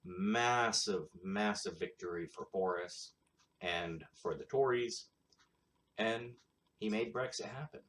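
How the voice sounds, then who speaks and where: A man talks at an unhurried, drawn-out pace in a somewhat low voice, hosting his own casual commentary show. He rambles from point to point with blunt, crude remarks and dry sarcasm. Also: a bit bright, slight background noise. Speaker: show host.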